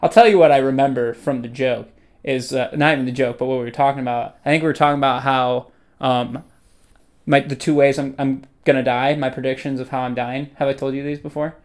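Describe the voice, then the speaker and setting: A man's voice: mid-range voice, fairly even intonation, a little fast. A young man chatting casually with a friend, teasing, swearing and rambling through stories.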